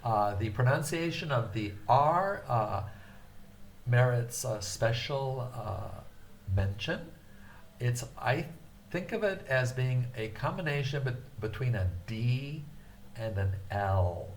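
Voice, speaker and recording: An older man teaching a beginner language lecture, speaking patiently with frequent hesitations and carefully drawn-out syllables. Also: mid-range voice, animated, a little hiss or hum.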